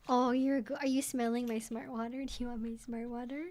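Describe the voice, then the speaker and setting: Hosting a casual livestream from home on a desk mic, a young woman talks emphatically and chattily, breaking into doting baby talk for her pet. Her voice is a little high and warm, with a flat delivery and a slightly fast pace.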